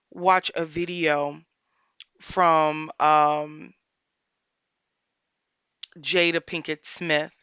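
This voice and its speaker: A woman life coach hosting a solo podcast, speaking earnestly and repeating her points for emphasis, pausing often to think aloud. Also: low voice, a bit bright, smooth, no echo.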